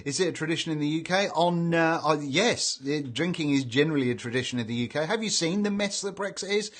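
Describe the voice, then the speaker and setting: A cheerful British man hosting a live stream, reading out viewers' names and greetings in a relaxed, chatty way. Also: a little high, quick pace. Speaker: livestream host reading chat. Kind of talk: casual live chat.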